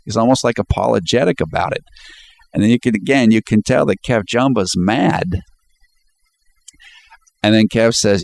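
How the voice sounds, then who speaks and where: A man's voice: on the low side, moderate pace, creaky, a little mellow, dry recording. A man talking casually as he breaks down a video scene by scene, often chuckling while quoting lines. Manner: chatty, quotes lines with laughs. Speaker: commentator.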